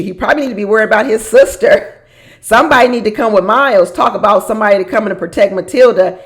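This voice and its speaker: Woman, middle pitch, slightly gravelly; casual, gossipy TV recap host who laughs a lot. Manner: chatty, laughs often, mimics people she quotes.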